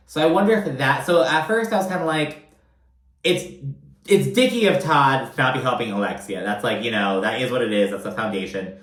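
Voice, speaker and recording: A man's voice: medium pitch, brisk, a bit bright. Chatty profane man in a roomy space. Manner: chatty, profane, filler-heavy. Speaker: reality TV recap host. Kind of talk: casual commentary. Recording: roomy echo.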